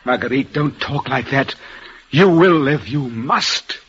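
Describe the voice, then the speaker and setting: A husky, anguished young lover. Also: male voice, mid-range voice, animated, takes it slowly, a bit bright, full character voice. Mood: pleading. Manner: earnest, pleading. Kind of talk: 1940s radio acting. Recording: muffled old radio broadcast.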